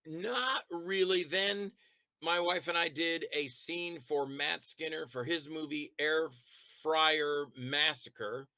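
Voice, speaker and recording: A man chatting as an interview guest, telling long rambling stories about making films, quick to laugh and to act out what others said. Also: a little high, pushed and bright, no echo, dull audio. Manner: rambling anecdotal storytelling. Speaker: interview guest, independent filmmaker and actor. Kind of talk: casual interview chat.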